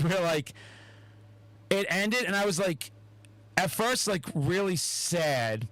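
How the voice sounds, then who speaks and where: High-voiced, expressive man on a podcast. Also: slow, no room sound, low-quality recording. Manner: animated, heavy swearing, acts out quotes. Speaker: podcast host. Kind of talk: casual podcast chat.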